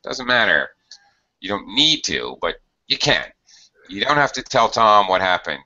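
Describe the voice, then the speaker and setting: A man teaching an English grammar lesson, explaining slowly and patiently with frequent fillers. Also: lowish voice, very animated, bright, forceful tone. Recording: dull lo-fi audio.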